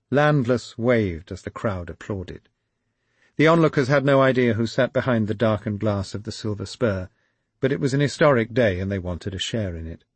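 Husky, low-voiced male narrator. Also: dry recording. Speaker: audiobook narrator. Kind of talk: scripted narration of a novel.

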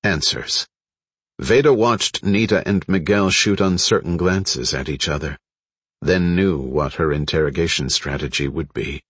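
A man narrating an audiobook in a steady, measured way. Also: low voice, husky, no room sound. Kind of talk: scripted narration.

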